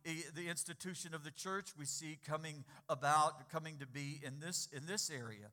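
Pastor guy preaching, bright voice, pitch a bit up, keeps getting the crowd to say stuff back. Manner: call-and-response with congregation, repeats key words; quiet and slow in prayer, louder and rising when exhorting. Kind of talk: sermon.

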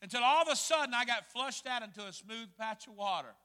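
A man preaching a sermon, telling a story with dramatic swings between hushed and loud delivery. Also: very high voice, animated, a little fast, clear, resonant tone, big-room sound. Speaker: pastor.

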